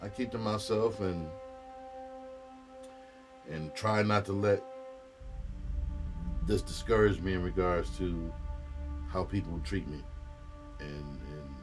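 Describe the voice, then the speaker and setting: A man's voice: low voice, takes it slowly, pauses often, over music. A middle-aged male comedian chatting casually on a livestream, candid and profane, rambling as he talks. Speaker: comedian and streamer. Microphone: streaming mic.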